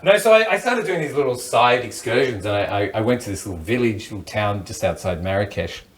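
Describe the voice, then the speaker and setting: Aussie comedian rambling through a story, acting out bits, mic a bit far off. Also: male voice, on the low side, fairly quick, reverberant. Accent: Australian. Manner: animated, rambling, acts out other people's lines. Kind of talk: comic storytelling. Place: studio panel.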